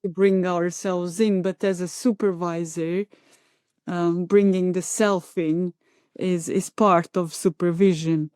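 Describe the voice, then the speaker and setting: A woman's voice: on the low side, steady tone, slow pace, darkish tone, clean tone, dry recording, clean studio sound. A woman hosting an interview, supportive and affirming, often murmuring agreement while her guest talks. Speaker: interview host. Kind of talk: interview conversation.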